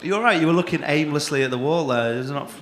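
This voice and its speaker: A man's voice: fairly high pitch, racing, fairly bright tone, slight background noise. A male comedy compere, doing brash, teasing crowd work full of swearing at a stand-up gig. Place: comedy club stage. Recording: echoey club room.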